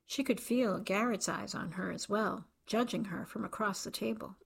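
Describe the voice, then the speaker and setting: A woman narrates a novel in an even, measured way. Her mid-range voice carries a noticeable creaky, gravelly grain. The reading is steady and unhurried. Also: medium pitch. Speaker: audiobook narrator. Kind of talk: scripted narration.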